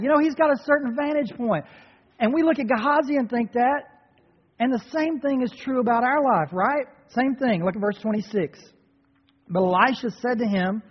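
A man preaching a sermon to a congregation, animated and conversational. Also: high-pitched, fairly quick, husky. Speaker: pastor. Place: church sanctuary. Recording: dull sound in a reverberant hall.

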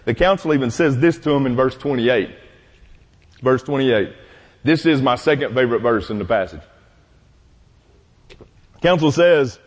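A man, a pastor giving an animated sermon and acting out the voices he quotes. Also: mid-range voice, moderate pace, pauses often, big-room sound. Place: church sanctuary.

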